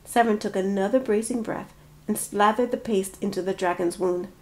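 A woman reading her own fantasy novel aloud in a steady, expressive storybook narration. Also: mid-range voice, moderate pace.

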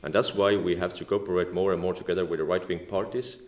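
A man from Estonia with an Estonian accent and non-native English, giving a speech at a formal dinner with many halting "like"s and "uh"s. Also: deep voice, steady tone. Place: banquet room at a formal dinner. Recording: echoey dining hall.

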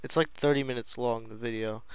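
A man's voice: mid-range voice, fairly even intonation, fairly quick, smooth, no room sound. A man chatting casually, rambling, giggling and swearing as he talks. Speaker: friend chatting. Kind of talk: casual chat.

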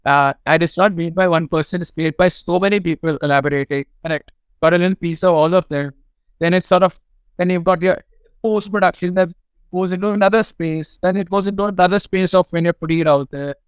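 Animated, swearing Indian man telling stories. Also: high-pitched, brisk, clean tone, dry recording, poor audio. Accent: Indian English. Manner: animated anecdotes, swears freely, laughs often. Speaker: film director guest. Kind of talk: casual podcast storytelling.

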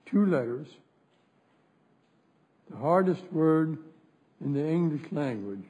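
Frail, slow-spoken man in his nineties. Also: a little high, lively intonation, warm tone, husky, muffled recording. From West Virginia. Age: 90s. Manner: deliberate, repeats lines for emphasis. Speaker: senator chairing a hearing. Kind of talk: formal committee speech. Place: Senate hearing room.

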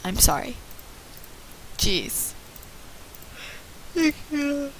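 A female channel host chatting excitedly and thanking viewers by name during a casual gift-opening vlog. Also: sits high, drawn-out words, slight background noise, rough recording.

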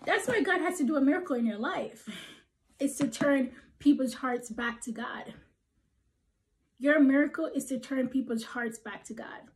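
A woman's voice: high-pitched, moderate pace, poor audio. A woman preaching a prophetic encouragement message, emphatic and repeating "okay?", sometimes dropping to a whisper. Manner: emphatic, tags "okay?" after points, drops to whispers.

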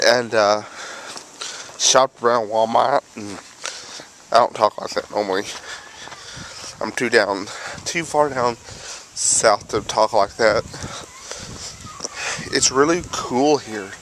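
Out on a windy road near home, a man vlogs with a handheld camera, rambling chattily and catching his own mistakes as he walks. He speaks slowly in a lowish, fairly bright voice and pauses often. The recording picks up faint wind and cars going by.

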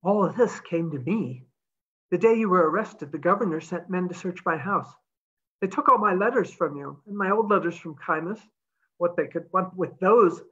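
A woman's voice: on the low side, lively intonation, moderate pace, a bit bright, highs cut off. A woman reading aloud, voicing a determined young woman who talks urgently and pleads.

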